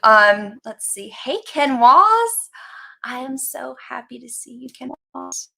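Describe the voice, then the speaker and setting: A woman's voice: fairly high pitch, steady tone, measured pace, creaky, bright, forceful tone. A woman hosting a casual live stream, chatting in a rambling way and greeting viewers by name as they join. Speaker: livestream host chatting with viewers.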